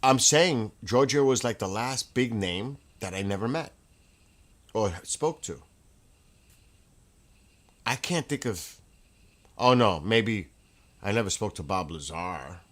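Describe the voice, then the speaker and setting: Male stream host, slightly low voice, rambling excitable storyteller chatting casually at home. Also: takes it slowly, long pauses. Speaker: livestream host. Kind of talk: casual chat.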